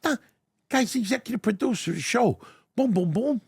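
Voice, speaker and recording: Animated older New York man, gravelly storyteller. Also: extremely high pitch, a little fast, no room sound, clean studio sound. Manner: animated storyteller with repeated stammering starts. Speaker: guest, deli owner turned actor. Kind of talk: casual storytelling interview. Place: restaurant dining room.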